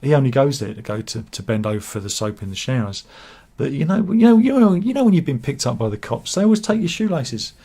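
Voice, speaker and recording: A man's voice: medium pitch, very animated, quick pace, hardly any pauses, dark tone, slightly rough. A man hosting a satirical news chat show, casually reading out viewer comments with rambling, jokey and self-mocking asides.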